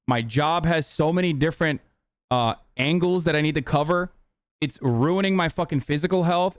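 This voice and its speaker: Male streamer, fired-up profane rant, fairly high voice, dry close sound. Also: no echo. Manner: heated, profane, ranting. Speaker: streamer reacting to a clip. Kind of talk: casual profane reaction commentary.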